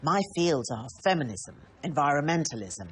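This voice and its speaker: Brief: a self-absorbed English author, middle-aged, low voice swooping all over, grand and breezy. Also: female voice, animated, moderate pace, a little hiss or hum. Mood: musing. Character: flamboyant, vain, eccentric middle-aged woman author. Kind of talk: TV comedy-drama acting.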